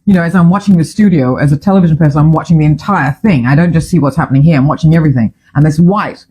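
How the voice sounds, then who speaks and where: A woman's voice: deep voice, very fast, mellow, husky, low-quality recording. A woman hosting a casual talk show from a studio, chatty and opinionated, often drifting off on tangents. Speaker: show host.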